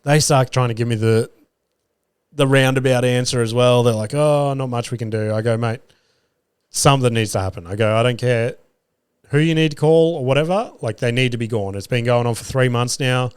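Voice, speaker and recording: A man's voice: mid-range voice, a little fast, clean tone, no echo. Swearing Australian man telling stories. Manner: swears freely, acts out his own quoted lines. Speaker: podcast host and stand-up comedian. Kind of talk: casual storytelling monologue.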